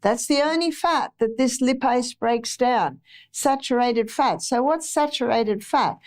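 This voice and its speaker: Australian woman, talk to an audience, somewhat high voice, chatty, repeats herself for emphasis. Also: animated, measured pace. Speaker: health lecturer.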